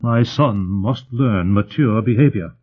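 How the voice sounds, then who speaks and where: A man's voice: lowish voice, a little slow, breathy edge. A man voicing a haughty older society mother who speaks in a stiff, imperious way. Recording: tinny phone-like sound.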